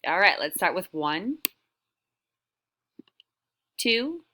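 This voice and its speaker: A young adult woman teaching an online lesson to small children, speaking in a drawn-out, encouraging sing-song that often drops to a whisper. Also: fairly low pitch, sing-song, pushed and bright. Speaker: preschool teacher.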